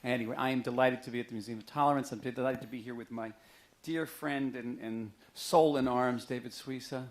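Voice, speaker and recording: A middle-aged man giving a book talk to a live audience in a museum auditorium, chatty and joking, telling stories with lively emphasis. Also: medium pitch, brisk. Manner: conversational, joking, animated storytelling. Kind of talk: public lecture to an audience.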